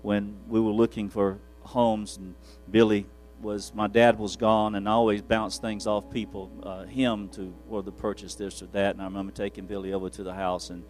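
A man's voice: lowish voice, flat delivery, moderate pace, few pauses, darkish tone, soft background music. Chuckling, rambling male pastor. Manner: rambling, chuckling, self-deprecating. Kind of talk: folksy storytelling from the pulpit.

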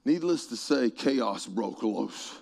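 A middle-aged man preaching a sermon and telling stories, moving between quiet passages and shouted peaks. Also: mid-range voice, animated, slow, creaky. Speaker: pastor. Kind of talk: sermon storytelling.

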